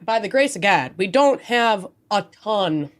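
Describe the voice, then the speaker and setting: A woman's voice: medium pitch, lively intonation, unhurried. A woman from Minnesota co-hosting a true crime podcast, talking bluntly with lots of swearing. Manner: profane, blunt and emphatic. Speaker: podcast co-host. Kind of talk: casual chat.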